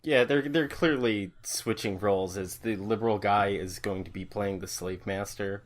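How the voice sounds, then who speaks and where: A man on a comic book podcast describing panels in a hesitant, halting way. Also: lowish voice. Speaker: podcast co-host. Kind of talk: casual comic book discussion.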